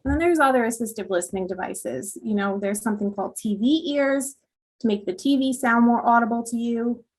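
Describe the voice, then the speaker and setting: A woman with a slightly high voice walks listeners through hearing care. Her tone is plain and explanatory, and ums and you knows run through it. She is speaking into a computer mic on a video call. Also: fairly quick. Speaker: audiologist presenter. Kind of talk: virtual presentation talk.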